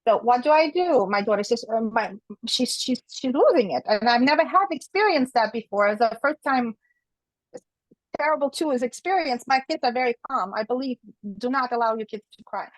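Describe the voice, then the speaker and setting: A woman's voice: a little high, expressive, a little fast, no echo, poor audio. A middle-aged woman, a guest author, giving strong opinions and telling a personal story, acting out what people said. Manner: opinionated storytelling, acts out quoted dialogue. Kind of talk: conversational interview.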